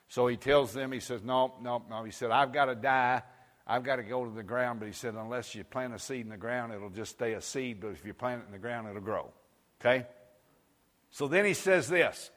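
A man preaching in a sermon style, his voice rising to loud emphatic peaks and then dropping to low, confiding asides. His pitch sits in a plain middle range, and the voice carries the long reverb of a large hall.

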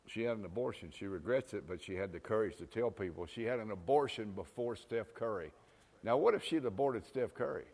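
A male pastor preaching a folksy sermon, swinging from loud exhortations to quiet asides. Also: medium pitch.

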